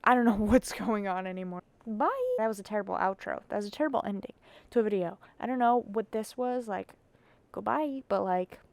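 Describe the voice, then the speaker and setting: A woman's voice: medium pitch, a little fast, vocal fry, no room sound. Sleepy rambling young woman vlogger. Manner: rambling, giggly, self-mocking. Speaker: keyboard hobbyist vlogger. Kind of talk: casual rambling vlog.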